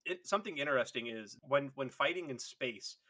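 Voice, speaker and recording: Podcast dude chatting casually, laughs a lot, swears, normal pitch. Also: male voice, fairly quick. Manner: laughs often, swears, animated storytelling. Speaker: podcast co-host. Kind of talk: casual chat.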